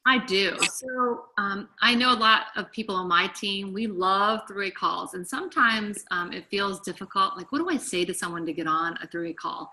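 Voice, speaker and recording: A woman's voice: mid-range voice, normal speed, hardly any pauses, sharp tone. A woman leading a group call, coaching her team in an eager, chatty, encouraging way. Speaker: team leader.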